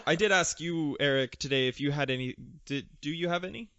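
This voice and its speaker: A man's voice: on the high side, fairly quick, bright, forceful tone, smooth. Dry-humored man hosting a podcast. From Canada. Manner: dry, joking. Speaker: podcast host. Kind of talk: casual chat. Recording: dull dry podcast audio.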